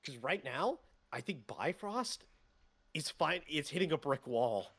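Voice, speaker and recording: Lively male esports co-caster. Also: a little high, measured pace, no echo. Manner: analytical, stammers on restarts. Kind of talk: esports analysis commentary.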